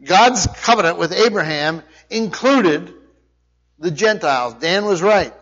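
A man's voice: high voice, lively intonation, a little slow, fairly bright tone, muffled recording. A man preaching a verse-by-verse Bible lesson who explains each point and puts questions to his listeners. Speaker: Bible teacher. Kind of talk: verse-by-verse sermon teaching.

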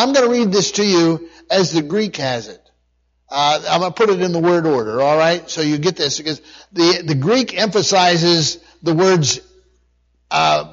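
Higher-voiced man preaching, lo-fi. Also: fairly bright tone. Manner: earnest preaching with scripture reading and repeated phrases. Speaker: pastor. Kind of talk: sermon. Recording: dull lo-fi recording.

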